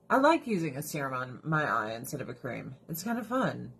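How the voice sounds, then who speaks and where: A woman's voice: rumbling low, sing-song, unhurried, vocal fry, long pauses, a bit bright, a little hiss or hum. A woman ranting bluntly and swearing on a casual livestream while doing her skincare, breaking into laughs between remarks. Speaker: livestream host.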